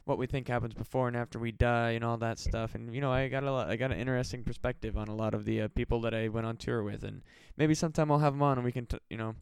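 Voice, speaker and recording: Worn-out podcast host, a man from the Midwest, flat delivery, very clear dry sound, loose and profane. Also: mid-range voice, fast talker, few pauses, dry recording. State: very tired. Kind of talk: casual solo podcast chat. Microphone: home podcast mic.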